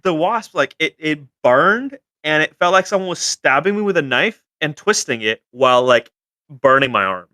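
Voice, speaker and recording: A man co-hosting a casual podcast, telling stories in an animated way and swearing freely. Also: a little high, moderate pace, dry recording. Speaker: podcast co-host, car shop owner.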